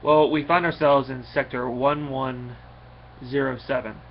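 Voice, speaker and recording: A man casually recapping a comic book issue in a rambling, halting way, with many fillers and restarts. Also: mid-range voice, fairly even intonation. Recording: slightly dull recording with faint noise.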